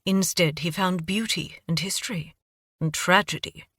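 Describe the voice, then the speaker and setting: A man's voice: sits high, moderate pace, sharp tone, no echo, clean studio sound. A woman voicing an urbane, self-deprecating man with a British accent, a refined scholar in an audiobook. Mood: learned. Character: refined British-raised male scholar, wry.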